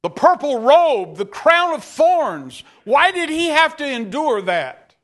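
A man's voice: very high-pitched, sing-song, slow pace, fairly bright tone. A man preacher giving a dramatic sermon, reading scripture aloud and questioning his listeners.

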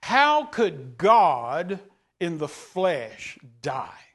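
A man's voice: on the high side, wildly swooping pitch, very slow, fairly bright tone. A man preacher giving a dramatic sermon, reading scripture aloud and questioning his listeners.

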